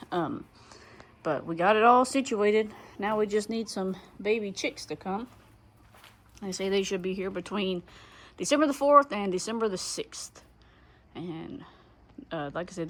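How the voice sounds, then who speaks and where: Folksy woman vlogging. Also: fairly low pitch. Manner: folksy, chatty, talks straight to viewers. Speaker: homesteading vlogger. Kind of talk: casual vlog chat. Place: homestead barn or coop.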